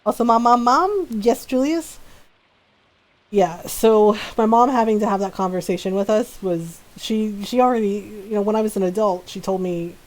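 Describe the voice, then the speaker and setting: A woman's voice: medium pitch, normal speed, low-quality recording. A middle-aged woman game streamer, telling family stories in casual chat and laughing often. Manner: chatty storyteller who laughs often.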